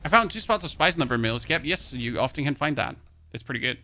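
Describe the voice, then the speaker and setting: A man's voice: mid-range voice, lively intonation, fast, sharp tone. A chatty man from Germany with a light German accent, streaming a game and rambling as he plays. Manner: chatty, rambling, thinks aloud while playing. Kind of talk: casual live-stream chat.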